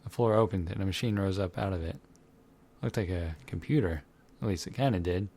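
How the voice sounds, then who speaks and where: A man's voice: low voice, brisk, gravelly, darkish tone. A man reading a visual novel aloud as a let's player, narrating dramatically with crude asides. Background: game music.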